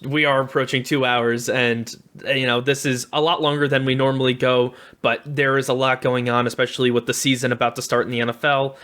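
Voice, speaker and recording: A man co-hosting a sports podcast, giving his takes in an eager, upbeat way and thanking listeners as he goes. His voice is mid-pitched and bright, with a casual, chatty delivery. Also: little pitch movement. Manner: upbeat, enthusiastic opinions, quick asides. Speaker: podcast co-host.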